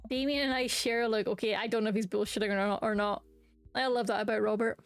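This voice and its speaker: A woman's voice: on the high side, steady tone, fast, no room sound. A woman streaming a dating game, reading its lines aloud with playful comments and silly voices.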